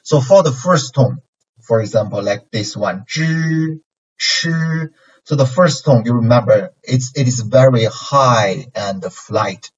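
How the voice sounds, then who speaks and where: A man with a Chinese accent leads a pronunciation lesson, speaking slowly and patiently. His voice is a little husky. It is recorded at a distance on a dull, lo-fi mic. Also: on the low side. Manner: patient, repeats syllables slowly with exaggerated tones. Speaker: Chinese language teacher.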